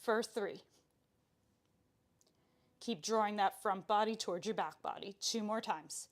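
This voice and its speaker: Young woman as a live pilates instructor: slow, chatty and playful delivery, a touch breathless during the holds. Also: medium pitch. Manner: chatty and playful, counts reps aloud, laughs often.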